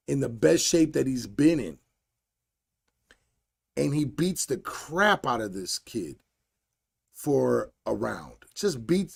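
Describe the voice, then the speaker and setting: Gravelly, blunt man telling a story. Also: mid-range voice. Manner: blunt and animated, slangy storytelling. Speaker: podcast host and fight coach. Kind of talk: solo podcast monologue.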